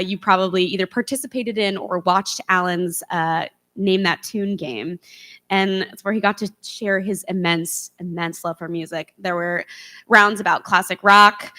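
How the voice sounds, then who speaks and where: A woman's voice: mid-range voice, pushed and bright. A young woman, a former box office worker, gives a memorial tribute from a theater stage, talking in a chatty way with lots of ums. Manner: chatty, with frequent ums and laughs. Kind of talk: speech at a memorial event.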